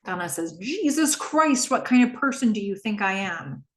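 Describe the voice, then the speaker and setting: Animated woman recapping, roomy sound. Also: a little fast, slight background noise. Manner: animated retelling, quoting characters with shifting pitch. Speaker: podcast host recapping a TV episode. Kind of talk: casual recap with acted-out dialogue. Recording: roomy echo.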